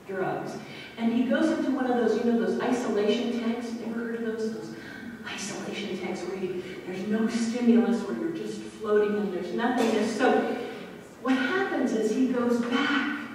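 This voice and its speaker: A woman's voice: on the high side, normal speed, slight background noise. Woman preaching in an echoey church. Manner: expressive preaching, swings from quiet to loud. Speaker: pastor. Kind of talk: sermon. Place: church sanctuary. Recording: echoey church hall from far off.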